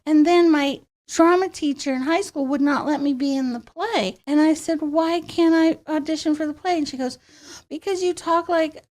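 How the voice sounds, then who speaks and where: Woman, very high childlike voice, animated storyteller, studio interview guest. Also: normal speed, few pauses. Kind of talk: casual interview chat.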